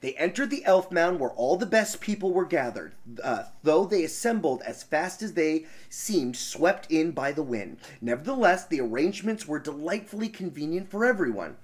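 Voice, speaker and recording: A man reading a fairy tale aloud on a podcast, breaking off for casual banter and laughing asides. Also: on the high side. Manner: animated, laughing asides, quick voices for characters.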